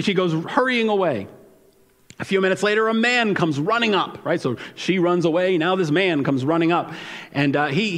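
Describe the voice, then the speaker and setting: A man preaching a sermon as pastor in a casual, conversational way, often repeating words and asking "right?". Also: high voice. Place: church sanctuary. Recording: long hall reverb.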